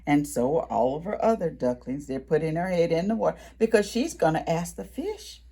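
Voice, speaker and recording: A woman reads a picture book aloud to preschoolers at library storytime, animated and full of gasps and whispered asides to the kids. Her voice is deep and her pace a little fast.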